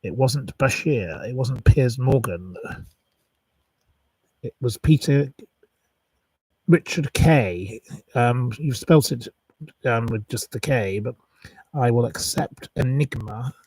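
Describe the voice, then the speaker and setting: A man's voice: mid-range voice, slow, pauses often, mellow, husky, dry recording, recorded from a distance, poor audio. A man hosting a live quiz, chatting casually, rambling and reeling off long lists of wrong answers. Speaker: quiz host on a live stream.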